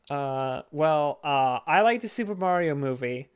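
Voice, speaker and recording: Smooth-voiced young man, rambling and jokey. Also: a little high, expressive, a little slow. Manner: rambling, profane, jokey, full of fillers. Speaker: podcast co-host. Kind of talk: casual chat.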